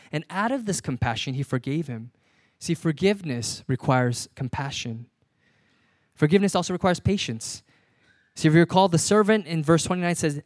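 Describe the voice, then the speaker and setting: A man's voice: a little high, darkish tone, no echo. A man in his thirties, a pastor preaching a conversational sermon and repeating key lines for emphasis.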